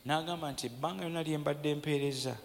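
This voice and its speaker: Preacher guy, quick short phrases, pauses for his translator, big echoey hall. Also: fairly high pitch, fairly even intonation, vocal fry, a crowd in the background. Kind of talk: sermon with live interpretation.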